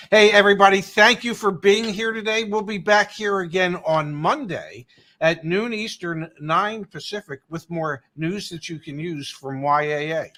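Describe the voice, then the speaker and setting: A man co-hosting a casual live stream with a dry, joking humor. His voice is bright and a little higher than most men's. He signs off with an easy, friendly lilt. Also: unhurried. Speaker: co-host.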